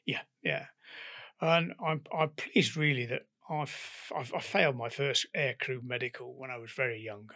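An older British man, a guest in an interview, telling animated stories and acting out their dialogue. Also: mid-range voice, moderate pace. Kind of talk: anecdotal storytelling in an interview.

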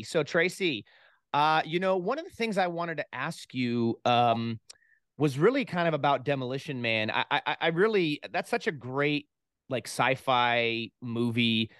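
A man's voice: medium pitch, expressive, unhurried, fairly bright tone, clear, resonant tone, no room sound, clean studio sound. A man hosting an interview podcast, chatty and enthusiastic, often repeating words as he goes. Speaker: podcast host.

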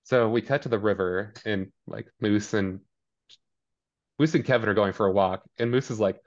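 A man co-hosting a podcast, casually recapping a TV episode and acting out the characters in quick, animated asides. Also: on the low side. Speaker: podcast co-host. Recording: dull lo-fi sound.

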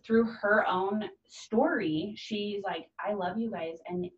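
A woman's voice: mid-range voice, slow pace. A woman in her thirties talking earnestly and from the heart in a casual conversation, acting out the voices of the people she quotes. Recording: dull, distant, echoey room.

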